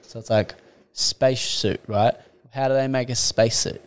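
Smooth-voiced young podcast host, a man. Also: medium pitch, a little slow. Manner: relaxed, friendly, chatty. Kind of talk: casual interview chat.

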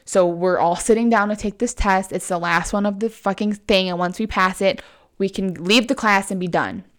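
A woman's voice: medium pitch, normal speed. A young woman casually telling a story on a chat show, swearing often, saying "like" a lot and acting out what others said. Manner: profane, fillers of "like", lively quoting.

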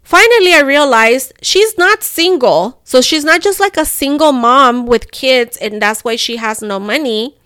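Fast-talking, profane woman. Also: high-pitched, dry recording, studio quality. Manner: animated, profane, mixes Spanish phrases. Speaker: podcast co-host. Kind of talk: casual storytelling chat.

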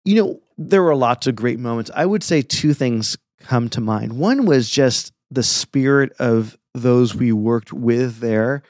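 A middle-aged man, a pastor, chatting and telling stories in an earnest, relaxed way. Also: mid-range voice, a little slow, hardly any pauses, no room sound, studio quality. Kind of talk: casual podcast chat.

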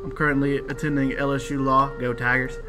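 A man in his twenties with a Louisiana Cajun accent, co-hosting a casual podcast in an animated, joking way. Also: mid-range voice, over music. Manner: animated, joking, quick to laugh. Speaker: podcast co-host, law student. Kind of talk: casual chat.

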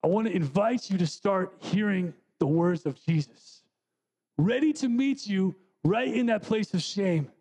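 A man with a notably high voice preaches a sermon in a church. He talks conversationally, putting questions to the congregation. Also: animated, a little slow, a little mellow, husky. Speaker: guest preacher. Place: church sanctuary.

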